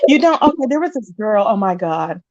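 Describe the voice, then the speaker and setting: A woman chatting casually and telling an animated story, jumping up high to mimic other people. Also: brisk, no echo. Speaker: podcast co-host telling a jail story. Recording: slightly dull lo-fi sound.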